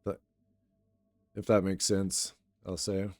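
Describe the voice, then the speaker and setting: A young man streaming and chatting casually with viewers in a relaxed, rambling way, his voice a little raw today. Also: sits low, takes it slowly, no room sound, faint music behind. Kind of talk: casual live-stream chat.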